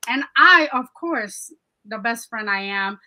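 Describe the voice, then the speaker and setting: Woman, podcast co-host, casual chat, animated storytelling, bright voice, swears freely. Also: a little high, slow pace, low-quality recording.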